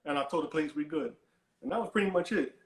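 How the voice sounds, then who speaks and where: High-voiced man rambling through a story. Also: quick pace, reverberant, poor audio. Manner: rambling, repeats and restarts words, dismissive "whatever". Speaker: caller. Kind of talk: animated storytelling on a call-in show.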